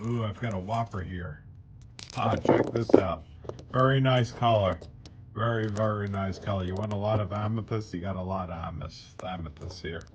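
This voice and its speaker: A man's voice: on the low side, dull audio, very noisy. A man, a bead shop owner walking through his weekly specials in rambling, jokey sales patter while holding the camera himself. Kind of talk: casual product showcase. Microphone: handheld camera he is holding himself. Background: loud background music.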